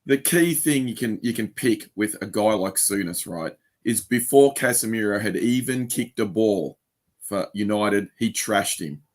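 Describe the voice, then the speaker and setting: A man's voice: lowish voice, measured pace. A man co-hosting a casual football podcast chat, arguing his case and mocking a pundit's words in imitation. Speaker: podcast co-host.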